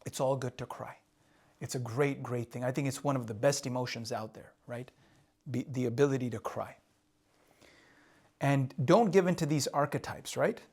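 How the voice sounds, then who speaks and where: A man's voice: mid-range voice, normal speed, long pauses, darkish tone, slightly rough. A man coaching husbands in a candid, confessional way, often asking "right?" and repeating himself. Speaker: relationship coach. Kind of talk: casual advice talk. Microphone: drawing on a board while talking.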